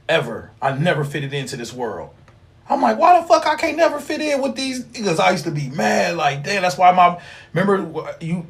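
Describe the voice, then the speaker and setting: A man holds forth on a casual livestream. His voice sits a bit high for a man, and he rambles in a loose, slang-heavy, profane way. He lectures his viewers like a street preacher. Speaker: livestream host teaching occult class.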